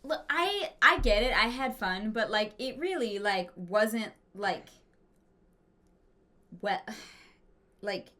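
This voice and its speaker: A woman's voice: mid-range voice, lively intonation, takes it slowly, long pauses, sharp tone. A woman co-hosting a casual movie review chat, dry and matter-of-fact with short replies. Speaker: co-host of a movie review show.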